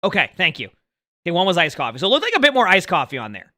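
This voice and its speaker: Guy streamer rambling to chat, higher voice, dry close sound. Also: huge pitch swings, rapid-fire, pushed and bright, no echo. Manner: rambling, chatty, talks to chat. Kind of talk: casual live-stream chat.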